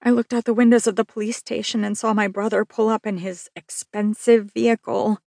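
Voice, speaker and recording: A woman's voice: mid-range voice, steady tone, a little fast, vocal fry, a little mellow, no echo, clean studio sound. A woman narrating a novel in the first person with a wry, confiding manner. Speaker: audiobook narrator.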